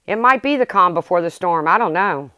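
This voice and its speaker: A woman's voice: on the low side, animated, brisk, pushed and bright, dry recording. A middle-aged woman ranting bluntly and heatedly on her livestream, swearing as she talks to her viewers. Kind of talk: angry livestream rant.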